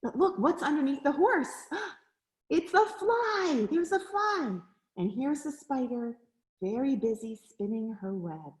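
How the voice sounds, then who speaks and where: An educator reads a picture book to young listeners in a high, sing-song voice that leaps around expressively. She takes her time, gasps at each discovery and keeps turning to the children with questions. The sound is roomy, with a clear echo. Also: sing-song, a little slow, darkish tone. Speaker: nature center educator.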